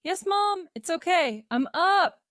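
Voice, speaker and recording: A woman's voice: fairly high pitch, slow, no room sound, studio quality. A woman reading a cheerful young man. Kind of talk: graded reader story narration.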